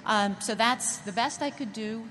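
A woman speaking on a panel in a measured, thoughtful way. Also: a little high, a bit bright. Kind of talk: panel discussion. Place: conference hall. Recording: reverberant hall, faint noise.

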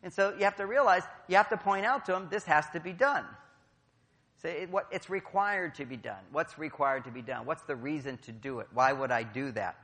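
A man's voice: on the high side, brisk, a bit bright. Joking man speaking in a reverberant hall. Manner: playful, jokey, acts out quotes. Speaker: speaker at a conference. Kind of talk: motivational talk to a live audience. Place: large hall.

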